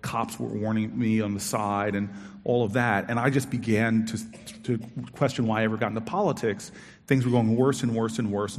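Animated storytelling man in reverberant hall. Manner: animated, acts out quoted dialogue with big pitch jumps. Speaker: storyteller on stage. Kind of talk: personal storytelling talk.

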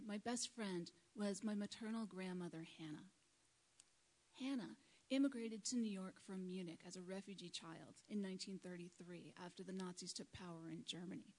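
A woman giving a prepared public talk to a live audience, speaking in a measured, earnest way into a microphone. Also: mid-range voice, darkish tone, poor audio. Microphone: microphone at a lectern.

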